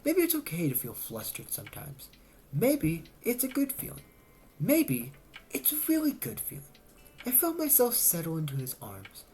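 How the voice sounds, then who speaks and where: A woman reading a novel aloud as a narrator, telling the story with lively shifts and voiced dialogue. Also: on the low side, moderate pace, slight background noise. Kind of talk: audiobook-style reading.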